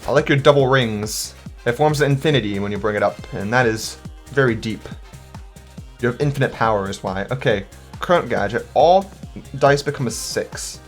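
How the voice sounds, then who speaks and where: A man's voice: medium pitch, expressive, moderate pace, soft background music. A young man in his twenties casually talking through a video game, upbeat and rambling, often correcting himself. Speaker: gaming video host. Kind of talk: casual gameplay commentary.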